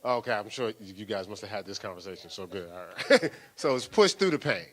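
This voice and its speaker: An older man, a pastor, preaching a sermon in a lively, playful way with laughter and acted-out asides. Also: fairly low pitch, brisk.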